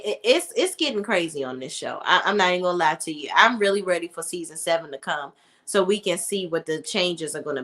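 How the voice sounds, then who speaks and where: A young adult woman giving a casual, opinionated TV review in an animated, sassy manner, talking straight to her viewers. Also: on the low side. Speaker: TV show reviewer.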